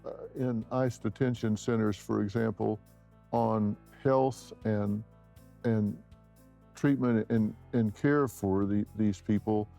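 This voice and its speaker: A man's voice: on the low side, steady tone, takes it slowly, gravelly, warm tone, soft background music. A man hosting a news interview, narrating an introduction and then asking conversational questions. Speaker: interview host.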